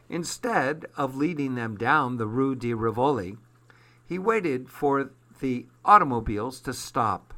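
A man in his fifties narrates a children's story at a calm, even read-aloud pace. His voice sits at a middle pitch with a bright, forward tone. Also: a little slow.

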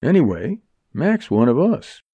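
A man's voice: a little high, very animated, measured pace, mellow, husky, no room sound, voice pushed up, full character voice. A man voicing a frontier doctor among outlaws, speaking in a soothing, coaxing drawl. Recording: dull lo-fi audiobook recording.

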